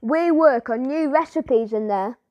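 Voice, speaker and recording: A woman's voice: sits high, unhurried, dry recording, highs cut off. A woman reading the part of a stern, formal female factory tour guide.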